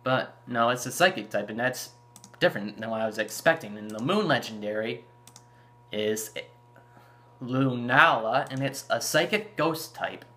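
A man's voice: mid-range voice, expressive, moderate pace, sharp tone. A man hosting his own gaming channel, chatting casually about a game trailer and rambling with fillers and restarts. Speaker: YouTube gaming channel host. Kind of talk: casual video commentary.

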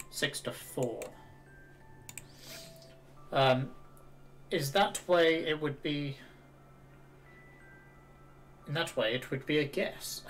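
A man's voice: on the high side, a bit bright. A man streaming a video game, chatting casually in a self-mocking way and reading the dialogue aloud. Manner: chatty, self-mocking, laughs at his own jokes.

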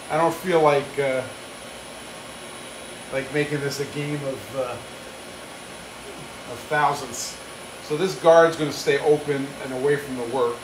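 A fairly high-voiced man talks easily and casually as he demonstrates shop work. He chats, reads out viewer comments and cracks small jokes at his own expense. A faint machinery hum sits under his voice on the stream. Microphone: phone live stream.

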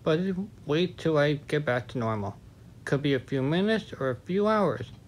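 A man's voice: on the high side, expressive, normal speed, rough recording. A man vlogging in a casual talk to camera, frank and candid, with chatty asides.

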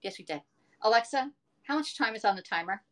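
A woman's voice: on the high side, lively intonation, brisk. A middle-aged woman in casual live-stream chat, rambling and chatty as she talks to viewers from her home kitchen.

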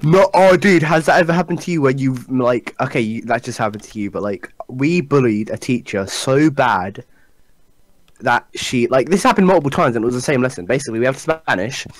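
A man's voice: mid-range voice, expressive, brisk, no echo. A young man telling crude school stories to friends, laughing often. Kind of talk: casual storytelling with friends.

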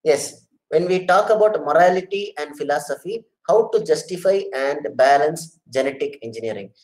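A man's voice: a little high, lively intonation, moderate pace, darkish tone, poor audio. A middle-aged man giving an earnest online lecture, repeating his phrases and addressing listeners as sir and madam. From India. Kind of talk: online lecture with audience questions.

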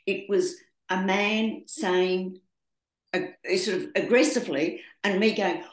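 A woman in a casual group conversation, telling animated stories and acting out quotes. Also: mid-range voice, a little slow. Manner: animated storytelling with acted-out quotes. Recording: echoey room.

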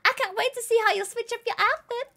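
A woman voicing a cheerful, encouraging female bakery owner in a video game, in a bright sing-song character voice. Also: extremely high pitch, fast, gravelly, voice pushed up, full character voice. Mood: chirpy.

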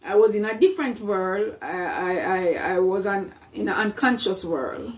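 A woman's voice: mid-range voice, moderate pace, far from the mic. A middle-aged woman telling her personal story in a casual vlog, earnest and full of faith, often repeating her words. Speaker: vlogger.

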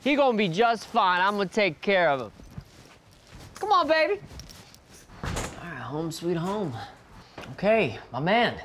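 An actor playing a boastful, friendly young rapper who talks in laid-back slang. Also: male voice, sits high, sing-song, a little slow, long pauses, fairly bright tone, slight background noise, full character voice. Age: young adult. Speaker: rapper, landlord.

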